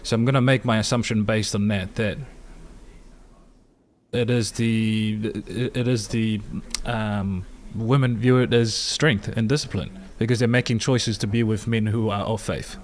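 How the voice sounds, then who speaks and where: A male panelist on a casual podcast, making measured arguments with frequent restarts. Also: on the low side, fairly even intonation, a little hiss or hum. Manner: measured, builds arguments from data with many restarts.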